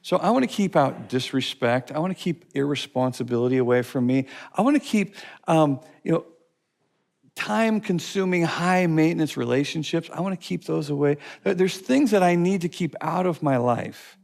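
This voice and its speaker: A man's voice: fairly high pitch, expressive, normal speed, gravelly, a little mellow. A man teaching a course session, speaking emphatically with repetition and stories. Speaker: teacher of a life-skills course. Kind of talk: teaching talk to a class.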